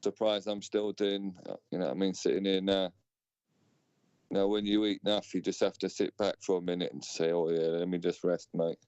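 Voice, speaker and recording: Man, low voice, smooth, casual stream chat, dry and dull sound. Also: fairly even intonation, darkish tone, no echo. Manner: laid-back, drawn-out fillers and "mate". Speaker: co-host of a live stream. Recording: dull, dry home recording.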